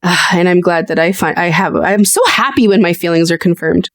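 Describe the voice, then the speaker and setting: A woman co-hosting a podcast in casual chat, animated and swearing freely as she acts out quotes. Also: lowish voice, fairly quick, no room sound, clean studio sound. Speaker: podcast co-host.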